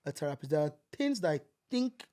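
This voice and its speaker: A man from Nigeria, in his thirties, co-hosting a podcast in casual chat, animated and acting out quotes. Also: on the high side, fast talker. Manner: animated, acts out quotes, repeats words. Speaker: podcast co-host.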